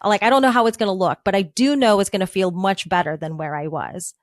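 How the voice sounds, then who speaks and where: A woman's voice: mid-range voice, fast talker, dry recording, clean studio sound. A woman career coach speaking as a podcast guest, telling her story in an earnest, reflective way with frequent "like". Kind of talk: casual podcast interview.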